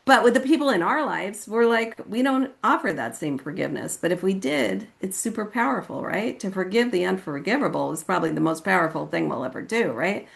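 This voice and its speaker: This Californian woman shares her recovery story at a meeting, talking briskly and expressively with vocal fry and barely stopping. Her style is casual, full of "like" and "you know what I mean," and she performs quoted voices by leaping into a high pitch.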